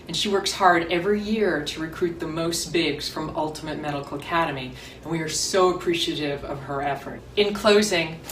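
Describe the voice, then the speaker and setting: Low-voiced woman, distant and echoey. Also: fairly bright tone, slight background noise. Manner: gracious, appreciative. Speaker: gala presenter. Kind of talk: scripted thank-you remarks. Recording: distant echoey room with faint ambience.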